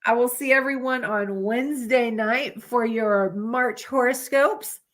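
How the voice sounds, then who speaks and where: A woman with a constant cold hosts a live podcast stream, her voice sitting a little high. She chats candidly and rambles, dropping swear words without a second thought. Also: a little slow, fairly bright tone. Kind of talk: casual live-stream chat.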